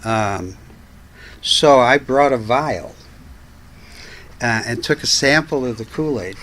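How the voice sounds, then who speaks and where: A man's voice: medium pitch, lively intonation, takes it slowly, fairly bright tone, poor audio. An older man, a guest on a talk show, telling family stories in a chatty, anecdotal way and laughing as he goes. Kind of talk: casual storytelling chat.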